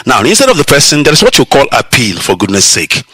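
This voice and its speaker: A man's voice: mid-range voice, huge pitch swings, quick pace, fairly bright tone, slightly rough, no echo. A man with a Nigerian accent, hosting a radio broadcast and delivering an impassioned, preachy monologue, mocking his listeners and laughing at his own jokes.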